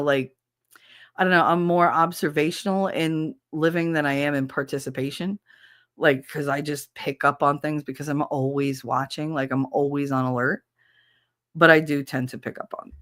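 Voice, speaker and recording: A woman's voice: deep voice, a bit bright. A woman hosting a podcast, talking candidly and emotionally, swearing freely and restarting her sentences often. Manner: rambling with frequent restarts. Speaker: podcast host.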